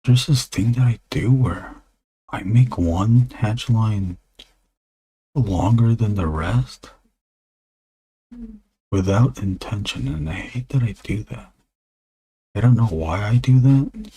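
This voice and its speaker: A man streaming live while drawing comics, talking low and half-whispered into a desk microphone, musing with pauses. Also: mellow.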